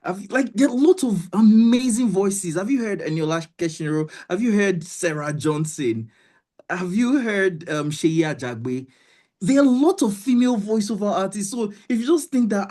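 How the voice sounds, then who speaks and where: A woman's voice: medium pitch, expressive, moderate pace, warm tone. A woman with a Nigerian accent coaching voice actors in a motivational webinar, emphatic and repetitive, often checking that listeners understand. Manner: emphatic, repeats herself, keeps asking "do you understand".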